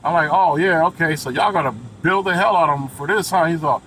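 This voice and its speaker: A man's voice: fairly high pitch, fast, a bit bright, slight background noise, rough recording. A man who drives trucks tells a story in a casual vlog, acting out the other people's lines in raised voices and swearing freely.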